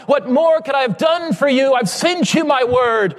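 A man preaching a sermon with impassioned appeals, often rising to shouting. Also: very high-pitched, normal speed, few pauses, big-room sound.

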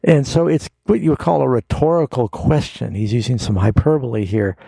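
Male pastor-host, gravelly and husky, dry close sound; patient folksy explainer on call-in radio. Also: mid-range voice, animated, brisk, warm tone, dry recording. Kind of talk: call-in Bible answers.

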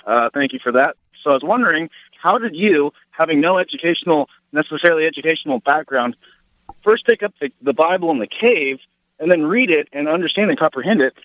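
A man's voice: fairly high pitch, animated, a little fast, dry recording. A young adult man, a college student, calling in politely with a question. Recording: tinny phone line.

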